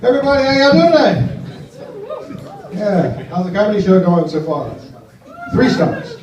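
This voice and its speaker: A man's voice: high-pitched, wildly swooping pitch, normal speed, a little mellow, some chatter behind. An American man doing a stand-up comedy set in a small cafe, telling stories in a dry, offhand way with lots of fillers. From United States. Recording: echoey room, distant dull mic.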